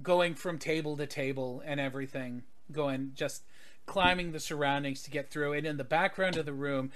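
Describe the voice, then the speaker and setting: Rambling game master, fairly high voice. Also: male voice, fairly even intonation, moderate pace, a bit bright, slight background noise. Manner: rambling, hesitant, with many fillers. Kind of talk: narrating a tabletop game.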